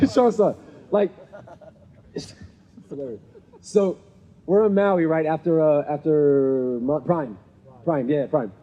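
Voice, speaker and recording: Slow and warm, with long pauses, a man with a slightly high voice tells stories to a live audience at a men's gathering held in an event venue. He speaks conversationally, checks in with "right?" frequently and acts out the people he describes. The audio has long hall reverb and its highs are cut off.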